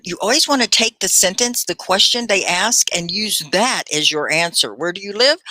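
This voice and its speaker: Texan woman ESL teacher, encouraging live lesson, bright tone, dry close sound. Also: fairly low pitch, expressive, dry recording. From Texas. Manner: encouraging, instructive, slow for learners. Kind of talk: live online English lesson.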